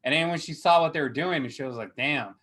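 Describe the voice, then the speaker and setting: A man hosting a casual film review chat, swearing a lot and ranting with mocking, animated energy. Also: on the high side. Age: adult with a young daughter. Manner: profane, animated, mocking, quick reversals. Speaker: podcast host.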